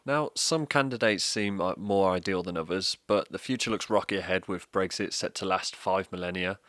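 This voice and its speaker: Deep, dry-sounding man, sweary deadpan comic ranter. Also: dry recording. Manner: sardonic, sweary, deadpan mockery. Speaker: comedic ranter. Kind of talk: scripted comedic political rant.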